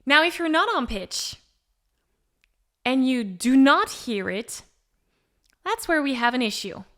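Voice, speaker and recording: A woman vocal coach explaining pitch step by step in an encouraging way, with short sung demonstrations. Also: lively intonation, slow, a bit bright. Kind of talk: singing lesson with sung demonstrations.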